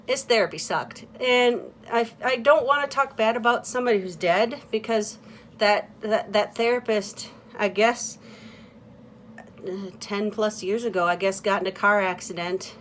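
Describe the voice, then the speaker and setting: A woman vlogging in a casual confessional monologue, talking in a candid, halting way with many fillers and restarts and often trailing off quietly. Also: medium pitch, a little hiss or hum.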